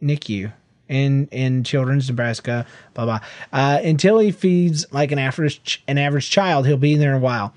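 A man's voice: mid-range voice, normal speed, a little mellow, no echo. A man co-hosting a casual podcast with his wife, joking, teasing and reading listener emails aloud. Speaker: podcast co-host. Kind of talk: casual chat.

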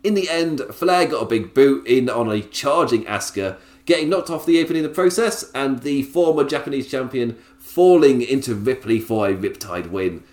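A man's voice: medium pitch, lively intonation, moderate pace, hardly any pauses, a little mellow, echoey room. A man giving a casual, chatty review of a wrestling show. He laughs often and talks in loose, filler-heavy bursts. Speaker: wrestling podcaster.

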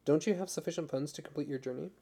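Kindly old gentleman, genial and unhurried, read by a male narrator with a low, gravelly voice. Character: kind, courteous old gentleman.

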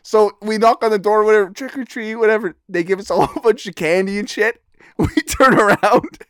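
A young man with a high voice tells crude stories on a podcast and laughs as he goes. The sound is close-miked and dry, with no room echo. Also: a little fast, a bit bright, clear, resonant tone. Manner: crude and profane, laughing often while telling stories. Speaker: podcast co-host. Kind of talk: casual chat.

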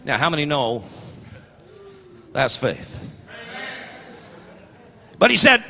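Male pastor, high bright voice, animated sermon storyteller, echoing hall. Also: takes it slowly, creaky, pauses often. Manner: animated storytelling, acting out quoted voices, building to shouts.

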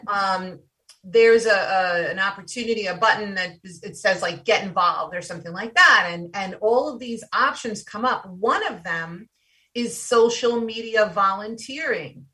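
A woman's voice: medium pitch, bright, forceful tone, far from the mic. A woman from New York co-hosting a podcast who talks in an enthusiastic, rambling way and gives the guests compliments. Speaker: podcast co-host. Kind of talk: casual podcast conversation.

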